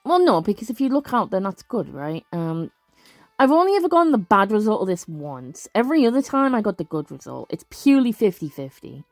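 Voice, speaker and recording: A woman's voice: medium pitch, big pitch swings, fairly quick, no echo. A young woman chatting casually through a game, rambling with many fillers and restarts, and reading the game's text aloud. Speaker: let's play gamer. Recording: dry close mic with faint game music.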